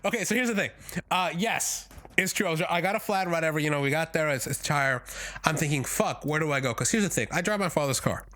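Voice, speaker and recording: A man's voice: on the high side, animated, fast talker, sharp tone. A young man, a podcast co-host, talking casually in a wry, rambling way with lots of swearing. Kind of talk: casual chat.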